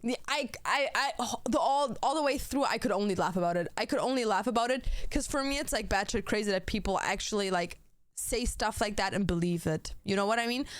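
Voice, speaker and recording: A woman's voice: mid-range voice, a little fast, no room sound. A young adult woman streamer chatting casually and bluntly with her viewers, swearing often and talking straight to chat.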